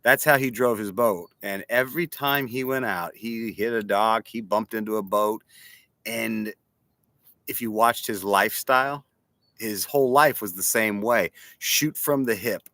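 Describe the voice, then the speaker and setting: A man from a church giving an animated motivational talk and telling stories, speaking from a boat. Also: mid-range voice, moderate pace, no echo. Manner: animated, storytelling, direct questions to listeners. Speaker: church leader.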